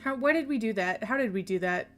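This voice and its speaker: A woman's voice: a little high, expressive, a little fast. Chatty young Southern woman. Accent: Southern American. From Southern United States. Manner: chatty, rambling, laughs often. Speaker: streamer. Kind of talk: casual chat with viewers during a work-along stream. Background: soft background music.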